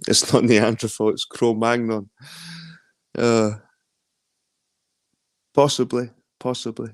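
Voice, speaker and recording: A man's voice: medium pitch, flat delivery, slow pace, long pauses, smooth, no echo, studio quality. A man with a Scottish accent in a rambling, casual late-night chat, swearing freely. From London. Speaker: chat guest.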